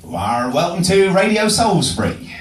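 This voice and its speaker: A cheesy local radio host with a lively, bouncing pitch, as a stand-up comedian puts him on. The voice is captured from a distance in an echoey pub room. There is clear background noise. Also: male voice, moderate pace. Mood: mock-cheery. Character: male radio presenter with generic voice.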